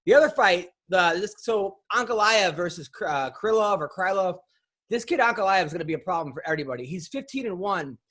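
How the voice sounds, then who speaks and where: A man's voice: sits high, lively intonation, brisk, a bit bright. A man hosting a podcast, telling rambling comic stories in casual chat, swearing freely and restarting his sentences. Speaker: podcast host.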